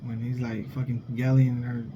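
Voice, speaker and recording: A man's voice: medium pitch, flat delivery, a little fast, muffled recording, noisy background. Blunt, profane man ranting. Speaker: vlogger, father. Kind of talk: casual monologue.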